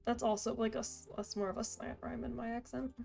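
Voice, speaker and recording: A woman's voice: fairly high pitch, level tone, quick pace, gravelly, darkish tone, husky, faint music behind. A young woman, chatting casually while streaming a game and thinking aloud. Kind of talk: casual let's-play commentary.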